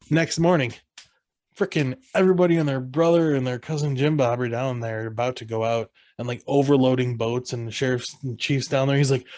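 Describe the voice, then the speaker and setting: A man's voice: medium pitch, fairly even intonation, a little fast, a little mellow. A man co-hosting a podcast, casually retelling a film scene by scene and acting out lines in raised voices. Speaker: podcast co-host. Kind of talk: casual movie recap chat.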